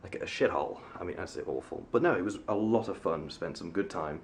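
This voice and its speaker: Low-voiced young Englishman rambling to camera. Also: brisk, vocal fry, a little hiss or hum. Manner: rambling, self-mocking, many fillers and restarts. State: sunburnt. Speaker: vlogger. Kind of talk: casual vlog chat to camera.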